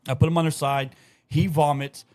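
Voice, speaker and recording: A man's voice: fairly high pitch, little pitch movement, moderate pace, darkish tone. A young adult man, telling stories in a loose, profane way on a casual podcast. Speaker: podcast co-host. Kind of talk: casual chat.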